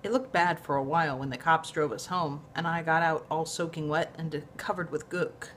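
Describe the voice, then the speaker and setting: A woman casually reading a novel aloud in a lively, conversational way. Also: deep voice, normal speed, slight background noise. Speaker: reader of a novel.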